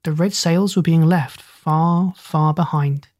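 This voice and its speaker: An audiobook narrator reading a children's adventure story in a steady, measured way. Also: medium pitch, no echo.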